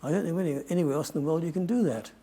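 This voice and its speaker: A man's voice: on the high side, rapid-fire, dark tone. An older man giving a talk to an audience, telling a long adventure story in a rambling way and often correcting himself. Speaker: guest speaker.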